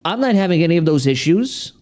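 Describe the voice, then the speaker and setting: Young male streamer, high voice, rambling profane rant. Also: big pitch swings, quick pace, a little mellow. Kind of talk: casual livestream rant.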